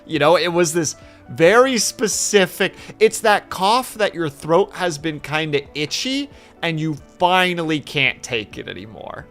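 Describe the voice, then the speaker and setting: Animated, cussing streamer guy. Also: on the high side, a little slow, soft background music. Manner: animated, swearing storyteller. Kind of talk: casual stream chat.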